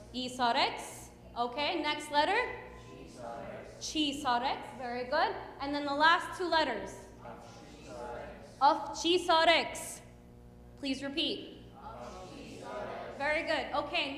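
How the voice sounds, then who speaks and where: A high-voiced woman teaches a hymn class at an unhurried pace, counting students in and praising each answer. Her voice rings through an echoey church hall with a long reverb tail. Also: pushed and bright. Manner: patient coaching, counting off and praising. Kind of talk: teaching and singing liturgical hymns.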